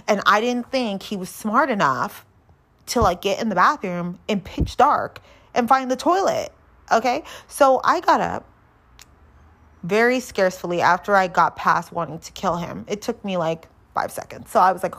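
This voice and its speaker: A young woman telling a storytime tale in a blunt, profane, animated way, with dramatic pauses. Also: lowish voice. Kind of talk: storytime monologue.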